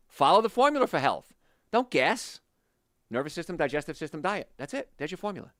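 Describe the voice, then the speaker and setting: Speaking straight to his audience, a health show host delivers an emphatic, animated motivational talk. His voice is fairly high pitched, and the studio-quality recording has no echo.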